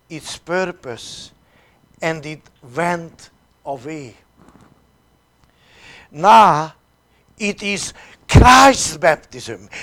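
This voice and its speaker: Very slow, high-voiced priest preaching. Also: male voice. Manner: very slow, deliberate reading with long pauses; dramatic swings between loud and soft. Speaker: priest leading a retreat. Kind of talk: slow sermon reading.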